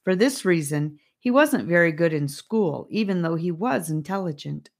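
A woman's voice: lowish voice, lively intonation, moderate pace, gravelly. A woman narrating a storybook, reading aloud and addressing the listener. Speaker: audiobook narrator.

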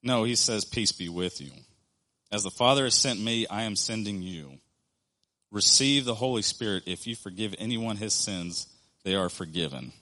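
Thirtyish guy giving a sermon, kinda low voice, earnest and chatty, slows way down to hit points. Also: animated, sharp tone. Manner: earnest, conversational, with slow emphatic pauses. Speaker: preacher.

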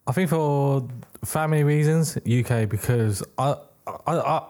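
A man's voice: medium pitch, unhurried, a little mellow. A young man, a podcast guest chatting casually, rambling with lots of "like" and restarts. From United Kingdom. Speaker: podcast guest, clothing brand maker. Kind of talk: casual interview chat.

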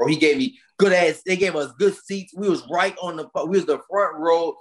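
A man's voice: a little high, moderate pace, faint music behind. Rowdy, profane man talking boxing. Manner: rowdy, profane, slangy storytelling. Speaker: boxer guest. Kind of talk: casual podcast interview.

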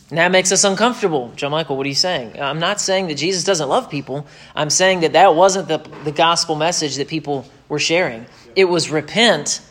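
Emphatic preaching man, slightly high voice. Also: fairly bright tone. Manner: emphatic preaching with quick asides and mocking quoted voices. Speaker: pastor. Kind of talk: sermon.

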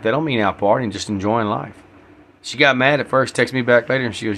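A man's voice: medium pitch, steady tone, a little fast, fairly bright tone, slight background noise. A man hosting a solo podcast, ranting bluntly with heavy profanity in a preachy tone. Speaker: podcast host.

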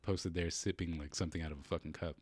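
A man's voice: low-pitched, fast talker, husky, no echo, clean studio sound. A young man co-hosting a podcast, telling a story in profane casual chat and acting out quotes with energy. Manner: profane storytelling, animated quoting. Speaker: podcast co-host.

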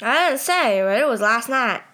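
A woman's voice: fairly high pitch, expressive, normal speed, pushed and bright. A woman voicing a naive, eager and talkative young man in a storybook reading. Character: naive chatty young man from a small town.

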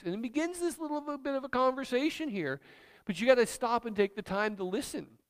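A man's voice: very high voice, a little fast. A man preaching a sermon as pastor, speaking in an emphatic, conversational way.

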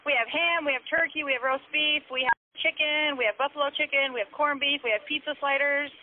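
A woman's voice: sits high, steady tone, fast talker. A woman taking a phone order at a restaurant, patient and friendly with casual fillers. Her voice comes through a tinny phone line with faint background noise. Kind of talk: phone call.

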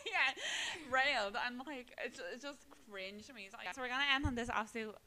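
A woman's voice: fairly high pitch, fairly quick, a crowd in the background, low-quality recording. A young Irish woman co-hosting a podcast, chatting casually, swearing a lot and filling her talk with "like" and "right?". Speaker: podcast co-host. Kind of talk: casual chat.

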